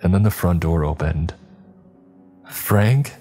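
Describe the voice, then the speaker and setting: A man narrating a horror story in a measured, dramatic storytelling manner. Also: rumbling low, darkish tone, soft background music.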